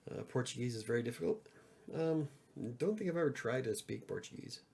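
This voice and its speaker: A man's voice: mid-range voice, expressive, normal speed, gravelly, darkish tone. Casual joking man on a livestream. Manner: joking, reads out chat messages. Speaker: livestream host.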